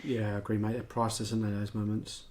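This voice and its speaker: A man co-hosting a casual podcast chat, calm and easygoing, given to gentle laughs. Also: fairly low pitch, fast. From England. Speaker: podcast co-host.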